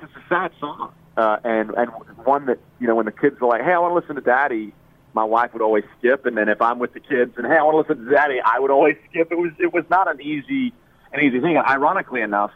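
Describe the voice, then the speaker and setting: A man being interviewed who speaks earnestly in a halting way, with frequent restarts, about personal struggles. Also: medium pitch, no echo, phone-quality sound. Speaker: interviewed singer.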